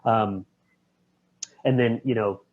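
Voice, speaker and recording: A man co-hosting a podcast, retelling film scenes in a relaxed, slangy way. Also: on the low side, slow, phone-quality sound. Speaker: podcast co-host. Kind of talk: casual film discussion.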